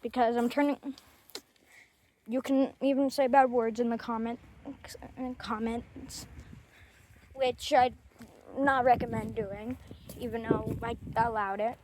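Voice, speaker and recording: A woman's voice: a little high, steady tone, measured pace, long pauses, darkish tone, a little hiss or hum. A woman vlogging outdoors with a handheld phone, speaking in a put-on Australian accent and chatting to a cat. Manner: chatty, coos and talks to the cat. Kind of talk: casual vlog talking to a cat.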